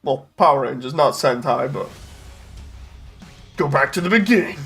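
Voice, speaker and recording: A man's voice: mid-range voice, vocal fry, faint music behind. A man streaming his reactions to a game showcase, rambling and joking in casual commentary. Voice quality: excitable, rambling, quick to joke.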